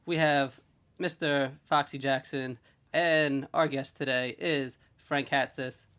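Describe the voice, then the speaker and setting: Male podcast host, sarcastic, loose storyteller, studio chat, mid pitch. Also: fairly even intonation, takes it slowly, a bit bright, clean tone. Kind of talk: casual chat.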